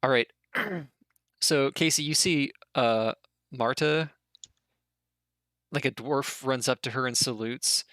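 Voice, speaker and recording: A man narrating a tabletop game as dungeon master, in a loose, halting way with spoken sound effects. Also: medium pitch, fairly bright tone, dry recording.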